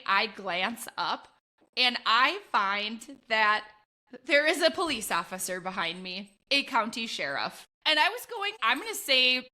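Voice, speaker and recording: Bright, animated woman telling a story. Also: fairly high pitch. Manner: animated, laughs often, acts out her own past voice. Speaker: podcast co-host. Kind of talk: casual chat, storytelling.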